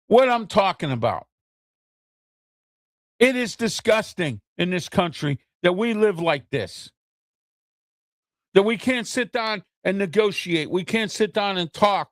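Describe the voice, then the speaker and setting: A man hosts his own opinion show in a fairly high, insistent voice. He talks heatedly, goes back over the same points and keeps asking "okay?" The sound is dry and close to the mic. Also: a bit bright, no echo. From United States. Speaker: talk show host. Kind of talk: opinion talk show monologue.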